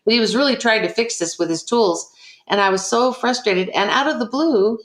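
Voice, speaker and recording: A woman's voice: on the high side, normal speed. An older woman, an interview guest, earnestly recounting a personal story and acting out the people in it. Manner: earnest, emotional retelling with quoted dialogue. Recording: echoey room.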